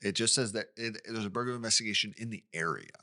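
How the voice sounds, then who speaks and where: Brief: male co-host, low bright voice, animated casual true-crime storyteller. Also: fast talker. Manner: recounts the case conversationally with asides and questions. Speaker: podcast co-host.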